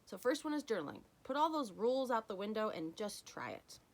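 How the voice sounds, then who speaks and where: A woman hosting her own podcast, talking straight to the listener in an emphatic, animated way with bursts of loud emphasis. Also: medium pitch, brisk, creaky, poor audio. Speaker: podcast host. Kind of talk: solo podcast monologue.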